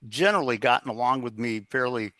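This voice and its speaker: A man's voice: mid-range voice, fast talker, sharp tone, dry recording. A man telling an earnest story as a guest in a casual interview, acting out the dialogue as he goes. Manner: earnest, anecdotal, quotes others in dialogue.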